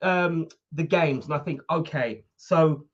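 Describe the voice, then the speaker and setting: A woman co-hosting a casual football discussion livestream. She tells her points with emphatic, animated delivery and talks over interruptions. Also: low-pitched, slow. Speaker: co-host of a football discussion show. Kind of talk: casual sports chat on a livestream. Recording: dull lo-fi sound over a weak internet link.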